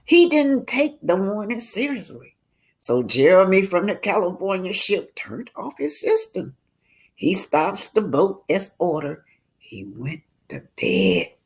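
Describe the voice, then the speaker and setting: Expressive woman reading a novel aloud. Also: medium pitch, measured pace. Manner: dramatic, voices characters, asides to listeners. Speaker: book club reader.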